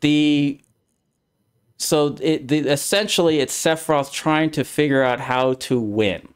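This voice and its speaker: A man's voice: a little high, measured pace, clean tone. A man streaming a casual discussion, rambling through his explanation with many restarts. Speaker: streamer, host.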